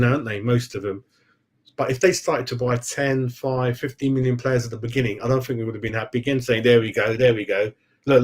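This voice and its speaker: A rambling man, mid-pitched, talks casually on a live stream. He chats loosely with his viewers, laughs easily and keeps calling them mate. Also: a little mellow, husky. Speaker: football fan channel host.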